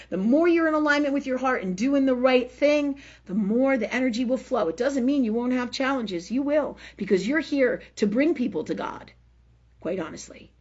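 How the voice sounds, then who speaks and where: Casting: woman, husky voice with some breath in it, unscripted spiritual talk, blunt and profane, dull lo-fi stream sound. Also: high voice. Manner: emphatic, swears freely, keeps asking "right?". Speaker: spiritual teacher hosting a live forum.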